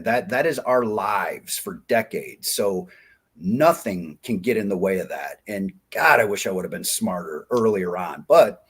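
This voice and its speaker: A man in his forties telling war-buddy stories in a folksy, animated way on a casual interview. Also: lowish voice, slightly rough. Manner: folksy, animated, acts out quoted dialogue. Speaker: podcast guest, diving company founder.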